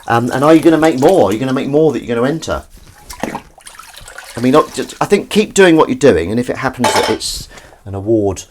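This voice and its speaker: A man and actor chatting casually on a live stream while washing up, reading chat aloud and swearing now and then. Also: medium pitch. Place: kitchen sink. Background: running tap water and dish clatter.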